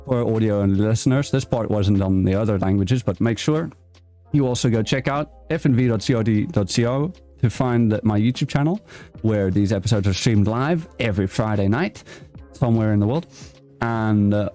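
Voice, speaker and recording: A man's voice: fairly low pitch, fairly quick, mellow, faint music behind. A man hosting a casual interview show. He stumbles over his words, corrects himself and laughs at his own slips. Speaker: show host.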